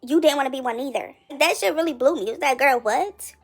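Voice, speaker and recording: A woman giving casual commentary on a reality show, chatty and quick to react, full of rhetorical questions. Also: high voice, faint music behind.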